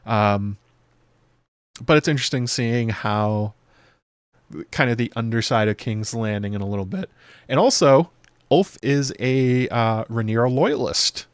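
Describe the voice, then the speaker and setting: A man in a mid range of pitch gives a casual, rambling breakdown as a show host. He fills pauses with plenty of fillers and drops into quick playful impressions. His voice sits dry and close, with no room sound around it. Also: clean tone, no echo. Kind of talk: casual episode breakdown commentary.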